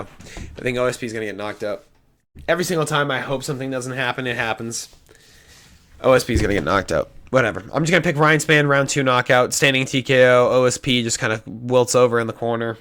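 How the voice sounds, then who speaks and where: Indecisive, foul-mouthed young man with a bright voice. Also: mid-range voice. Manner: indecisive, swears often, flips picks. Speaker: MMA prediction YouTuber. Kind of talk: casual solo prediction talk.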